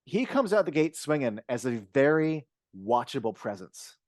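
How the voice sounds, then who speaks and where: A man's voice: medium pitch, very animated, moderate pace, dry recording, clean studio sound. A man co-hosting a podcast, talking through a film casually, with restarts and the odd curse word. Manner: rambling, frequent restarts, casual swearing. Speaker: podcast co-host.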